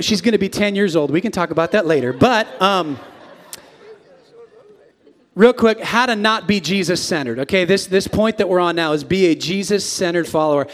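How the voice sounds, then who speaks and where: Male pastor, 40s, sermon, fairly high voice, hushed-to-shouting delivery, long hall reverb. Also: moderate pace. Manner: animated, swings from hushed to shouting. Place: large church sanctuary.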